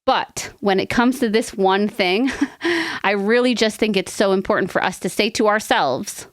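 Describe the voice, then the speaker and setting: Woman, podcast co-host, smooth clear voice, dry close mic, earnest rambling advice. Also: mid-range voice, no room sound. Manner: warm, earnest, rambling with quick asides and laughs. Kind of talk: casual advice chat.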